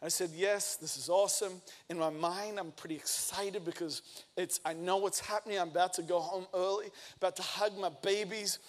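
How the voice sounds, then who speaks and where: A man in his thirties preaching a sermon, telling a lively personal story and acting out the quoted lines. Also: high-pitched. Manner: energetic storytelling, acts out quotes. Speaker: pastor.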